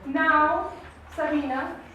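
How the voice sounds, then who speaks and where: Woman teacher, high voice, patient and encouraging, very echoey room heard from far off. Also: fairly even intonation, highs cut off, a little hiss or hum. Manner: patient, encouraging, explains slowly with questions. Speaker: English teacher. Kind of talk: classroom lesson. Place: classroom. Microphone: camera mic from across the room.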